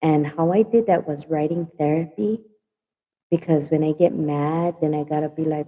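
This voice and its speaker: Low-voiced Hawaiian Pidgin woman chatting. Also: steady tone, normal speed, mellow, big-room sound, rough recording. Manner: chatty, repeats herself for emphasis. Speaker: livestream host. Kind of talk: casual chat.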